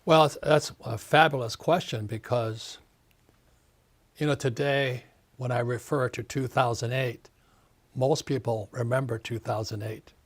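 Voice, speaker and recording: A man's voice: mid-range voice, fairly even intonation, unhurried. A man in his seventies, an author and investor giving an interview, talking emphatically and repeating his points. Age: 70s. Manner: emphatic, ranting, repeats phrases. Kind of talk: casual interview talk.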